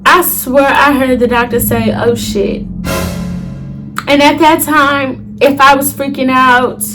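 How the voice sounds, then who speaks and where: High-voiced woman telling a dramatic story. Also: takes it slowly, music in the background. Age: late 20s. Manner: dramatic, animated retelling with slang and asides to viewers. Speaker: storytime vlogger. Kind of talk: casual storytelling to camera.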